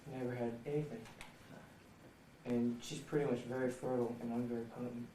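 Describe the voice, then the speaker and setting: A man chatting in a deadpan, joking way while being interviewed at a house. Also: mid-range voice, fairly quick. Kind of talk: casual chat. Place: indoors in a house. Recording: roomy, distant, noisy 1990 home video.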